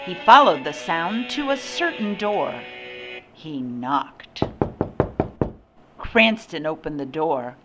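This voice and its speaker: An older woman reading a picture book aloud with slow, expressive storytelling. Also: low-pitched, over music. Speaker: storybook reader.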